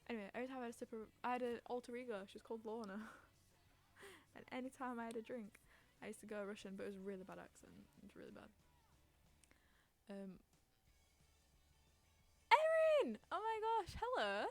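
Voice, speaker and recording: A woman's voice: fairly high pitch, steady tone, fast talker, darkish tone. A young woman hosting a casual chat podcast on stream, rambling, giggling and reading out chat messages.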